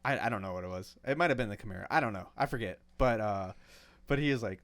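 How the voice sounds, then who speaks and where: A man's voice: on the low side, fast. Man telling road stories, swearing freely. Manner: swears freely, animated storytelling. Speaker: podcast co-host. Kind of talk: casual chat.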